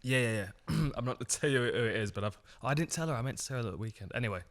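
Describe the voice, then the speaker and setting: A man's voice: mid-range voice, rapid-fire. A man who works as a fight commentator, joking and laughing in a casual podcast chat and swearing freely.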